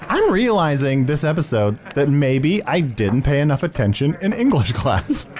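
A man's voice: fairly high pitch, sing-song, normal speed, a little mellow, slight background noise. A man hosting an improvised comedy chat, joking and often restarting his sentences. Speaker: host.

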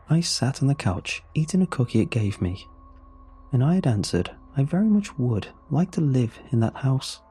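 Mellow-voiced man narrating a horror story. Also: medium pitch, husky. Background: faint music.

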